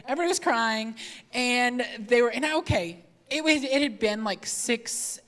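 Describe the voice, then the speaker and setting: A man's voice: extremely high pitch, expressive, moderate pace, a bit bright, in a large hall. A young man in casual chat, sarcastic and teasing, often laughing as he talks. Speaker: former cooking show contestant.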